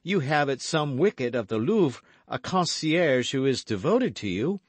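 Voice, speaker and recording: A man's voice: medium pitch, big pitch swings, measured pace, no room sound, pitched above the performer's own voice. A man voicing a bold, gallant young guardsman in an audiobook reading, speaking earnestly and eagerly.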